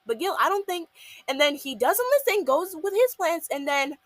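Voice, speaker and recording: A young woman reviews a cartoon episode in a casual, rambling way, packing in fillers and acting out the characters' lines. Her voice is high and a bit bright with lively intonation at normal speed, recorded with no room sound.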